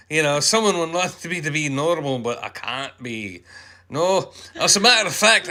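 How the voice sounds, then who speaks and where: A man's voice: a little high, bright, forceful tone. A man in his sixties co-hosting a casual live chat, joking and rambling in a put-on Scottish brogue, picked up on a handheld phone. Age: 60s. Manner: joking, rambling, playful impressions. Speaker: live stream co-host.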